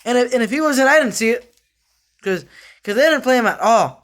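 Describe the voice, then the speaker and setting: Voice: mid-range voice, expressive, fairly quick, long pauses, fairly bright tone. A sports fan vlogger giving a casual, rambling rant about the team, repeating themselves in frustration with lots of fillers and restarts.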